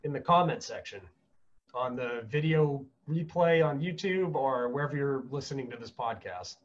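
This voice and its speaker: A man co-hosting a casual podcast in a voice of middle pitch. He jokes easily and laughs a lot, and the recording sounds slightly muffled. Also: expressive, moderate pace. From United States. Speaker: podcast co-host.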